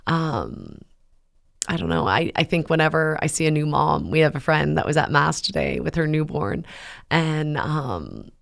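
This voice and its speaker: A woman in her thirties hosting a faith talk, telling a personal story in a rambling, heartfelt way with many pauses and fillers. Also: low voice, big pitch swings, vocal fry. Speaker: podcast host. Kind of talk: casual personal testimony.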